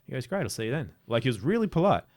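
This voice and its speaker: A man's voice: mid-range voice, very animated, very fast, darkish tone. An Australian man, an interview guest, telling casual stories in a rambling way with many restarts. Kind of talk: casual storytelling.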